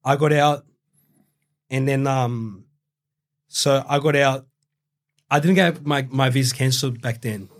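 A man's voice: medium pitch, unhurried, long pauses. A young Australian man from Brazil, telling his story as a guest in a casual interview, rambling with heavy swearing and fillers. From Brazil, raised in Australia.

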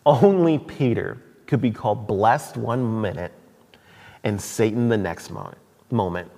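A man's voice: lowish voice, a little slow, warm tone. A man preaching a sermon in a church hall, conversational, with asides and restarts. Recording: long hall reverb.

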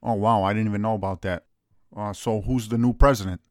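A man's voice: fairly low pitch, fairly even intonation, fairly quick, dry recording, studio quality. A man with a brash, profane, opinionated way of talking, casually co-hosting a soccer chat. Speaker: soccer podcast co-host.

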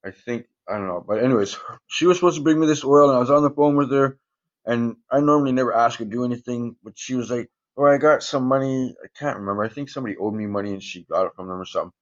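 A man's voice: mid-range voice, racing, muffled recording. A man casually telling profane, rambling stories in a podcast interview, chuckling often. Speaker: guest, former prisoner.

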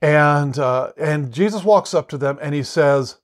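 A man's voice: a little high, measured pace. A man gives a conversational Bible teaching in a slightly raised voice. He is earnest and explanatory, often circling back and repeating words as he works through a point.

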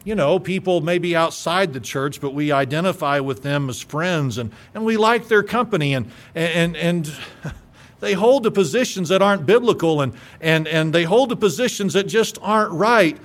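A pastor preaching a radio sermon, forceful and emphatic, stumbling over repeated words as he builds up. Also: a little high, lively intonation, normal speed.

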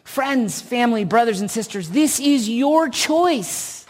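A woman preaching a sermon, telling a story slowly and earnestly with emphatic repetition. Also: on the high side, expressive, darkish tone.

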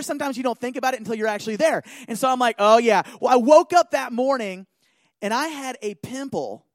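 A man giving an animated talk, telling a personal story and often checking in with listeners. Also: very high voice, no echo. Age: adult.

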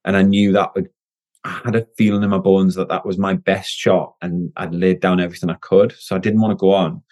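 A middle-aged man, a guest telling his story in a casual interview, energetic and candid. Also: low voice, brisk. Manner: energetic and candid, frequent restarts. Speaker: guest, former Olympic swimmer and business owner.

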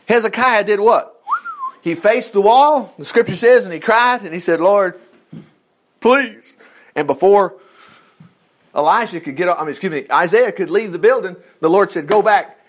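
A man preaching a sermon with a high-set voice that leaps and drops all over the place. He tells scripture stories in a folksy, chatty way, full of asides and chuckles, jumping from excited high bursts to low, quiet remarks.

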